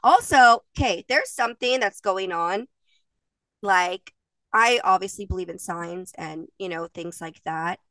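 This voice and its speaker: A woman's voice: mid-range voice, unhurried, fairly bright tone, no room sound, recorded from a distance. A woman in her thirties, co-hosting a podcast and telling stories in a chatty, emotional way, laughing often. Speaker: podcast co-host. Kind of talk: casual chat.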